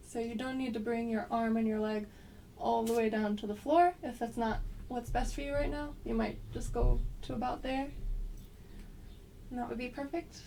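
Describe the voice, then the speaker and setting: A woman with a slight cold guiding an exercise class, giving gentle, unhurried cues with frequent pauses. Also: fairly high pitch, fairly even intonation, vocal fry, distant mic, a little hiss or hum. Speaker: movement instructor.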